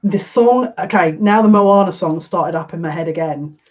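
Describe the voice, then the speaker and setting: A woman giving a live card reading as a psychic, gushing and excitable, easily overwhelmed with emotion. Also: fairly low pitch, moderate pace, dull audio.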